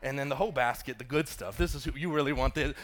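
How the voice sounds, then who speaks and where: A man's voice: medium pitch, fast talker, a little hiss or hum. A man, a pastor giving a sermon in a church auditorium, casual and joking with the congregation.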